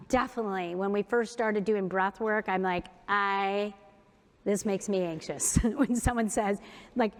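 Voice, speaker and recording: A woman giving a keynote talk, leading an audience through breathing and humming exercises. She is upbeat and playful, pokes fun at herself, and slows down for soft, gentle cues. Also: medium pitch. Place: large conference hall. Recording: long hall reverb.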